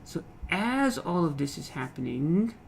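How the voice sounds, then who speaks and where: Gravelly man explaining a poem. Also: a little high, big pitch swings, a little hiss or hum, poor audio. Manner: repeats phrases, frequent "okay?" checks, halting restarts. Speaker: literature teacher.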